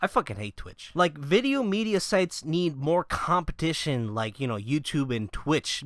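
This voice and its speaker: A man's voice: a little high, fairly bright tone, dry recording, studio quality. A man vlogging about gaming news in a casual, profane rant, mocking the people he disagrees with.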